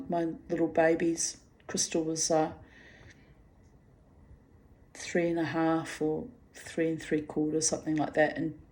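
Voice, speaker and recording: A woman's voice: on the low side, a little mellow. A woman in her fifties from New Zealand, telling a rambling personal story straight to her listeners. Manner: rambling, chatty, addresses listeners directly.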